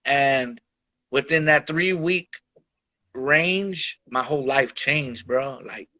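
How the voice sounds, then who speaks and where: A man's voice: medium pitch, slow pace, sharp tone. A man guest on a podcast, telling his life story frankly and casually, full of slang and swearing, calling the listener "bro" and "dog". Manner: slangy and profane, peppers speech with "bro" and "dog". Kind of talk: candid storytelling in casual conversation.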